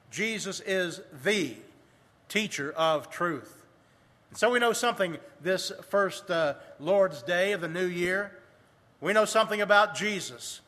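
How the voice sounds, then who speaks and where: Male preacher with a high, bright voice giving a sermon in a reverberant church, slowing down to stress his points. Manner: reads scripture in King James wording, slows for emphasis. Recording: long hall reverb.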